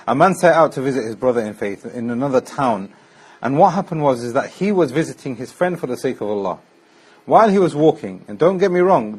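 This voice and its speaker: A man's voice: medium pitch, a little mellow, husky, low-quality recording. A man teaching an Islamic class, retelling stories and asking his students questions as he explains. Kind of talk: classroom lesson on hadith.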